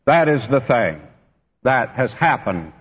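A pastor delivers a church sermon at a slow pace, his medium-pitched voice sing-song with a breathy edge. He earnestly speaks directly to those listening, calling them friend and beloved. The church hall audio is dull and echoey.

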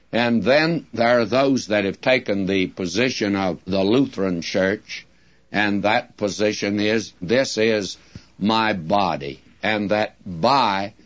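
A man teaching a Bible-study sermon in a slow, deliberate, folksy preaching manner, addressing his listeners directly. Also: lowish voice, muffled recording.

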